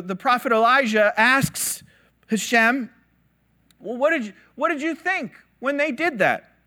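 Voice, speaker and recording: A man giving a conversational sermon, telling stories with animated quoted voices and casual asides. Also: high-pitched. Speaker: teacher.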